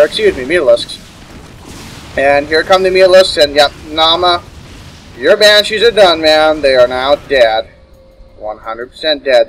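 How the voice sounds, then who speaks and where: A young man with a slightly high voice casts a strategy game match solo, chuckling and correcting himself as he goes. The recording is low quality, with a little hiss or hum.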